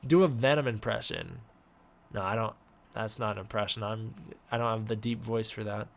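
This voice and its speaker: A man hosting a casual live-stream Q&A, giving offhand, halting answers to chat questions. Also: fairly low pitch, vocal fry. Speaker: host.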